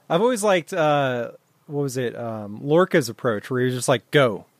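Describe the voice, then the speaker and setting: A man with a lively, swooping voice chimes in on a podcast, halting and restarting with laughing asides. His voice sounds dry and close, with no room around it. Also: medium pitch, dry recording. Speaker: podcast co-host. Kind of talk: casual chat.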